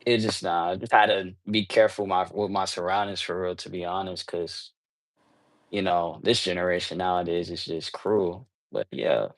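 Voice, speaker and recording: A young man with a lowish voice talks through his answers in a meandering, casual way, packing in fillers and street slang. The recording is dry and close, with little room sound around him. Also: moderate pace, no room sound. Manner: rambling, filler-heavy, slangy, restarts often. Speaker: underground rapper, interview guest.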